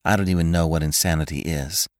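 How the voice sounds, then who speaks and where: A man's voice: deep voice, fairly even intonation, quick pace, no room sound, lightly acted. A man voicing a touchy woman fond of cocktails, in close to his own voice.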